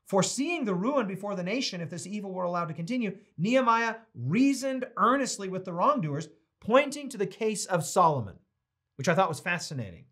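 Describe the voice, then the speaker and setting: In a high, sing-song voice with a fairly bright tone, an American Bible teacher briskly leads a casual study. Between reading passages aloud, he shares chatty stories.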